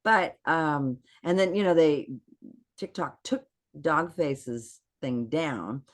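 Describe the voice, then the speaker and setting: Appearing as a guest on a podcast video call, this woman speaks slowly in a low voice. She's an animated storyteller in casual chat, performing the quotes of the people in her stories.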